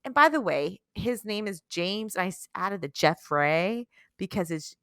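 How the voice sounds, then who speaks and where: A woman's voice: medium pitch, lively intonation, unhurried, bright, forceful tone, dry recording, studio quality. Giggly woman co-hosting a podcast. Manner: giggly, laughs through her own telling. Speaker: podcast co-host. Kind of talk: casual chat.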